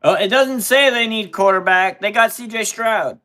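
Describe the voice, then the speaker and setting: Man, live-stream host, casual and laid-back, bossy with kids, bright tone. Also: sits high, normal speed. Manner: easygoing, talks through picks while bossing the kids around. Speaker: live-stream host running a mock draft.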